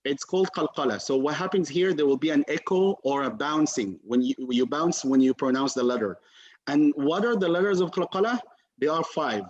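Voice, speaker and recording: A man's voice: fairly high pitch, animated. Patient man teaching over a video call. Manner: patient, repeats sounds slowly for drill. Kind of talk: online class teaching. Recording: dull lo-fi video call audio.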